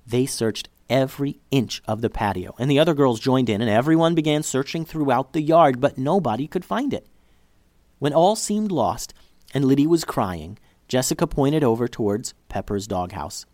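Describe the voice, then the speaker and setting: A man reads a children's story aloud with an expressive, animated delivery. His pitch climbs and dips freely through each sentence, and the recording is dry and close. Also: normal speed, no echo.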